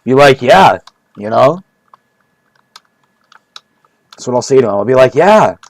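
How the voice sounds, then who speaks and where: A man's voice: medium pitch, animated, a little fast, no echo. A man rambling through a mock-serious comedic monologue, repeating himself often, in a streaming style.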